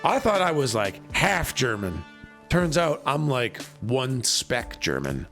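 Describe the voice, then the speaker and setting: Young Canadian male streamer, casual rambly chat, animated. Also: mid-range voice, takes it slowly, faint music behind. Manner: chatty, rambling.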